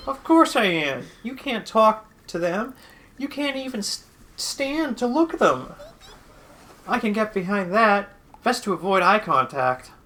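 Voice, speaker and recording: A woman's voice: mid-range voice, animated, a little slow, a bit bright. A woman co-hosting a let's play, chatting casually and reading game text aloud in a playful, teasing way.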